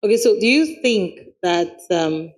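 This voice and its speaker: A woman's voice: medium pitch, lively intonation, measured pace. A woman hosting a podcast interview, asking questions with short encouraging prompts. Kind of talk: conversational interview.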